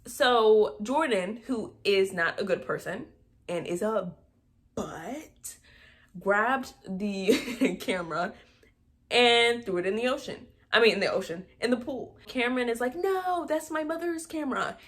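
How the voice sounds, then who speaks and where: A young woman talks straight to camera, running through a film's plot in a loose, chatty way. She breaks in with dry, sarcastic jabs and laughs at her own remarks. Her voice sits at a middling pitch for a woman. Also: a little slow, a bit bright. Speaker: movie review vlogger. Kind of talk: casual movie recap.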